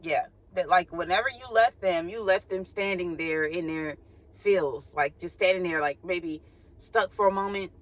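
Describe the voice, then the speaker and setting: On the low side and at normal speed, a woman's voice delivers a relaxed spiritual reading for her faith channel. She chats, laughs a lot, and dramatizes the sighs in her quotes, all captured without her microphone.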